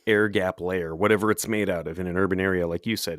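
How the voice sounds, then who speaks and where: A man co-hosting a podcast in casual chat, rambling and chatty and quick to laugh. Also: low-pitched, no room sound, studio quality. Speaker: podcast co-host.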